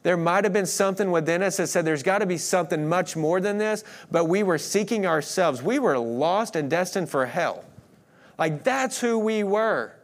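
A man preaching a sermon, earnest, swinging between emphatic declarations and hushed moments. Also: sits high, animated, moderate pace. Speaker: pastor.

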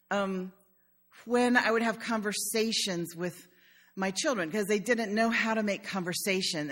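A woman's voice: medium pitch, fairly bright tone. Older woman, pastor, conversational sermon, humorous storytelling, church.

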